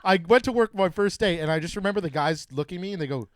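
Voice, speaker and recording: A man's voice: high-pitched, animated, quick pace, no room sound, clean studio sound. A man in casual podcast chat, telling a self-mocking story with plenty of swearing. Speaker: podcast co-host. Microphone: studio mic.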